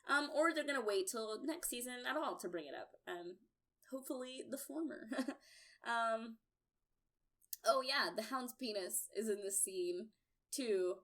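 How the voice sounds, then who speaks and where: A woman's voice: a little high, unhurried, fairly bright tone. A young woman in casual chat, reviewing a TV episode, talking in a loose, filler-heavy way that turns profane when she gets worked up. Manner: chatty, full of "um" and "like", swears when worked up.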